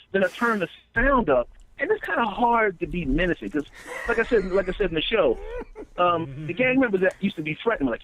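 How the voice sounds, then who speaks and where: A man's voice: high voice, big pitch swings, brisk, a bit bright, poor audio. A man, a comedian guest, telling stories in an interview, rambling with restarts and acting out quotes. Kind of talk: storytelling interview chat.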